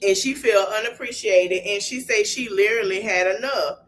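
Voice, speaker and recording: A woman hosting a podcast, casually recapping a reality show in an animated retelling and often laughing. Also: medium pitch, moderate pace, slight background noise. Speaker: podcast host.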